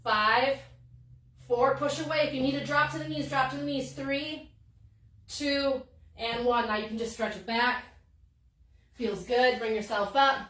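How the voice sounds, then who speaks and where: Female workout coach, high-pitched and energetic, cheering people on, a bit out of breath, roomy echo. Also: unhurried, long pauses, recorded from a distance. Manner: upbeat, encouraging, counts reps aloud. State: a little out of breath. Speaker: fitness instructor. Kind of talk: live-streamed workout coaching.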